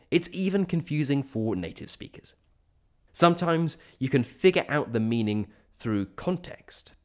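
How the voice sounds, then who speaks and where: A man hosting an English-learning podcast, reading a clear scripted explanation and slowing down on examples. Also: mid-range voice. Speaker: podcast host teaching English. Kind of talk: scripted educational narration.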